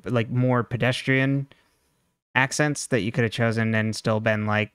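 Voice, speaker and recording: A young adult woman co-hosting a podcast in casual chat, filling her talk with "like" and animated asides. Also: a bass voice, unhurried, clear, resonant tone, no echo, studio quality. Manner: chatty, heavy use of "like", animated. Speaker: podcast co-host.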